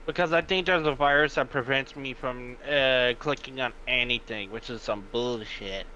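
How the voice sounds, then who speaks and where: A man joining a live stream chat, talking in a relaxed, friendly, casual way. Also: medium pitch, moderate pace, highs cut off, slight background noise. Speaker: returning stream viewer.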